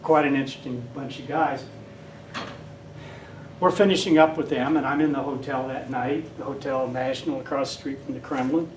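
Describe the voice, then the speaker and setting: A man's voice: mid-range voice, steady tone, a little fast, slight background noise. An older man giving a casual lecture and telling rambling stories. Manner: rambling storyteller, acts out quoted voices. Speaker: guest speaker. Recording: echoey hall from far off.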